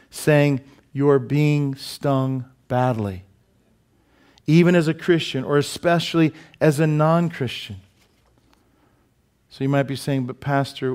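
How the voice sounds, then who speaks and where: A man preaching a sermon as pastor in a church, animated and joking, asking the congregation many questions. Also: mid-range voice, measured pace, clean tone. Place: church sanctuary.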